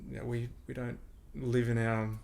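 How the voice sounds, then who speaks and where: A man hosting a podcast, explaining ideas in a relaxed, conversational way and laughing often. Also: medium pitch, normal speed, gravelly. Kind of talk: casual conversation.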